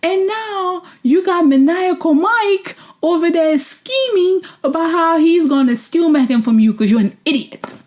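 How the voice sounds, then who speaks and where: A woman with a mellow, darker tone gives a casual, sarcastic recap as a vlog host. She is lively and opinionated, and now and then her voice jumps up into high, exasperated exclamations. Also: measured pace, few pauses. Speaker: vlog host reviewing a reality show. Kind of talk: casual reaction commentary.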